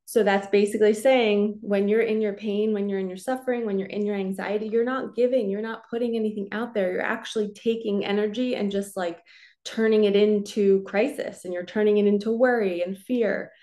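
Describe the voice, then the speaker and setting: A woman, a spiritual coach, giving a relaxed, chatty card reading and talking her listeners through slow belly breathing. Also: mid-range voice. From New Jersey. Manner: relaxed, chatty, reassuring, lots of "like" and "so".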